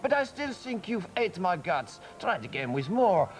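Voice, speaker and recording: A man voicing a pompous, excitable French character in a children's TV sketch, talking in a theatrical, flowery way. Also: high-pitched, normal speed, soft background music, rough recording. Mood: lecturing.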